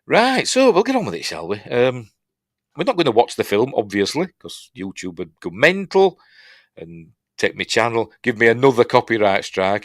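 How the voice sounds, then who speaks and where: With a lowish, slightly bright voice, a man from Yorkshire, England chats his way through a loose film review, poking fun at himself and often restarting or filling gaps. The studio-quality recording has no echo.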